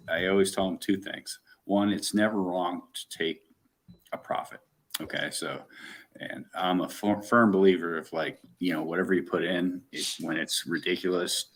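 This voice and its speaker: A man's voice: low voice, a bit bright, slight background noise. A man with a New York accent chatting casually, rambling in an easygoing way full of "you know.". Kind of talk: casual chat.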